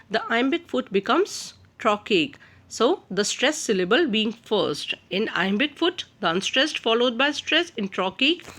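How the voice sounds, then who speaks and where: A woman giving a recorded literature lecture on a poem, explaining step by step and repeating key terms with occasional "uh" fillers. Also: mid-range voice.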